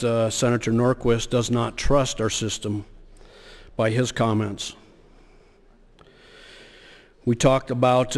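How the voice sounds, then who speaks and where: A man delivers a legislative floor speech, pausing often on fillers and starting phrases over. His voice sits at an ordinary middle pitch. Long reverb from the big chamber trails each phrase. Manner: halting, many fillers and restarts. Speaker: state senator.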